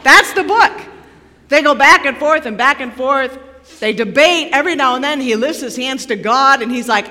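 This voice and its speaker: A woman pastor preaching a sermon in a church sanctuary, dramatic and dropping to a near hush for emphasis. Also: sits high, animated, normal speed. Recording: long reverb of a large hall.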